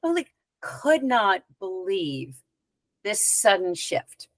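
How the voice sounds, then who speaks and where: A woman guest in an interview, telling a personal story in a lively conversational way with casual asides. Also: medium pitch, slow, dry recording. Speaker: spiritual teacher and guest.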